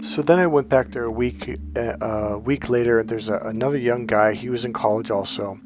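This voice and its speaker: A man's voice: mid-range voice, steady tone, brisk, over music. A middle-aged man speaks in an everyday mid-range voice, coaching viewers through a casual monologue. He tells his own experiences candidly and bluntly, swearing freely as he goes. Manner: candid, profane storytelling.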